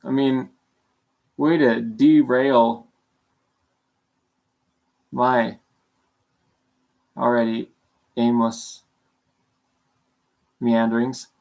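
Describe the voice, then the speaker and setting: A man's voice: mid-range voice, little pitch movement, very slow, gravelly, pauses often, a little mellow. A young man from Canada, chatting casually on a livestream, rambling and self-deprecating, with a sore throat and sounding sleepy. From Calgary, Canada. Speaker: streamer.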